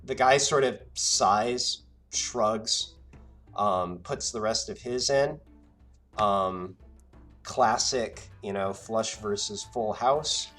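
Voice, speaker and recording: A man narrating a tabletop game as game master, halting with many ums and uhs. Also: lowish voice, a bit bright, soft background music.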